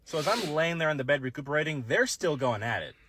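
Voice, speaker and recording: A man in his thirties casually telling a personal story to camera in a laid-back drawl, slowing down for emphasis. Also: on the high side, sing-song, fairly bright tone, a little hiss or hum. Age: 30s. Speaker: storyteller in a social media clip.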